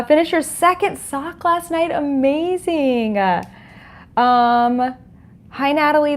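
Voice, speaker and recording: A woman hosting a livestream from home, greeting viewers and reading their chat comments with frequent laughs. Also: sits high. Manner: bubbly, laughs often, reads chat comments aloud. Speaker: podcast host on a livestream. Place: home, dog nearby. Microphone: desk microphone.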